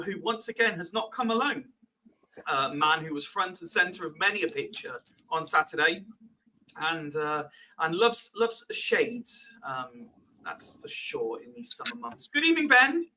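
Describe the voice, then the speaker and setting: Bright-voiced West Country man hosting. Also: sits high, animated, measured pace, low-quality recording. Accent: West Country English. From Swindon, England. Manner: chatty, swears freely, stumbles on repeated words. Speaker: podcast host. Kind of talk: casual live-stream chat.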